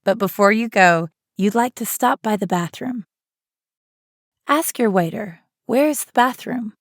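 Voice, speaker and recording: A woman's voice: a little high, a little slow, no room sound, studio quality. A woman hosting an audio language lesson, narrating scenes and encouraging the listener in an upbeat, scripted way.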